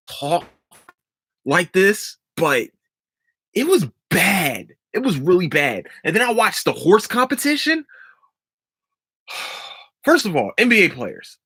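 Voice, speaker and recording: A man hosting a casual sports podcast, giving emphatic, profane opinions in an animated way. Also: high voice, slightly rough, no echo. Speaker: podcast host.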